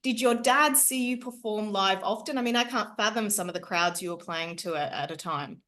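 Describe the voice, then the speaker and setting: A woman's voice: medium pitch, moderate pace, sharp tone. A woman hosting an interview, asking chatty questions and sometimes restarting her sentences. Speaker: interviewer, host. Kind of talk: casual interview.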